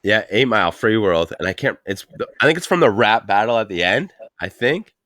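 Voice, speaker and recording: A man's voice: lowish voice, expressive, fairly quick, a bit bright, no echo, studio quality. A man in his thirties hosting a podcast, telling stories in loose casual chat, swearing freely and filling gaps with "like" and "you know". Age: 30s. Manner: loose, profane storytelling with many fillers. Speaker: podcast host.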